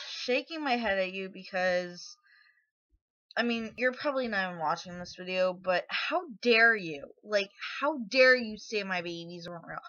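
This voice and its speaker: A woman's voice: mid-range voice, expressive, moderate pace, sharp tone, dull audio. A woman venting to camera in an angry, indignant personal rant, shaking with anger and near tears, with many fillers. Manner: angry, indignant, filler-heavy ("like", "you know"). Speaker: vlogger.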